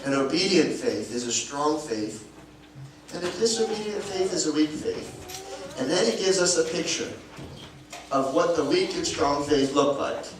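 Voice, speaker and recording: A man's voice: fairly high pitch, lively intonation, a little slow. A male pastor giving a playful children's sermon, asking the kids questions as he shows them props. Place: church sanctuary. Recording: very echoey church hall from a distance with room noise.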